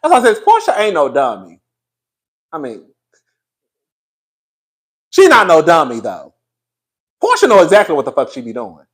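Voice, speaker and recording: A young man hosting casual gossip commentary, animated and profane, laughing often. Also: on the high side, normal speed, long pauses, husky.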